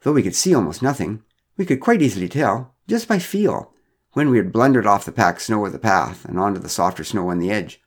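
Wry man, low and lively. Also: a little fast. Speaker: storyteller. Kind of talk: first-person storytelling.

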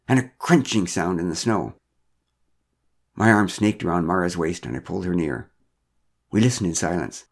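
A man telling a first-person story in a dry, understated, wry way. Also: low voice.

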